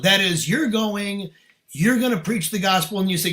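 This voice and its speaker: A man's voice: high-pitched, normal speed, pushed and bright. A middle-aged man, a podcast guest, telling a personal story in casual, earnest, emphatic talk with slang.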